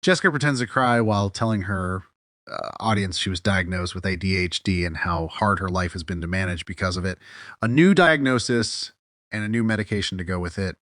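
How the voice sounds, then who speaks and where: A man narrating a scripted commentary voice-over in a critical, measured way, with occasional fillers. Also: low voice, fairly bright tone, no room sound, studio quality.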